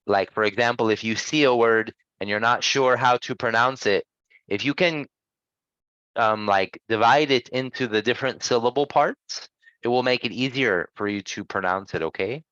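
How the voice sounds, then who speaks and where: A man teaching English pronunciation in an online lesson, patient and encouraging, gently correcting his students. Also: mid-range voice, moderate pace, no room sound, highs cut off.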